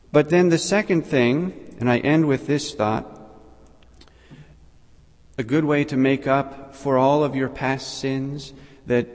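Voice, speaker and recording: A man preaches a sermon at a measured pace and pauses often between short phrases. His voice sits in an ordinary middle pitch. Long reverb rings after his words, as in a church. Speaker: priest. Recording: long reverb in a large hall.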